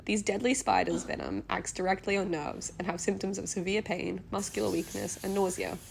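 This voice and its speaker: A woman narrating a travel vlog as a scripted voice-over, in a gentle, earnest, diary-like way. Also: medium pitch, animated, a little fast, gravelly, a little hiss or hum.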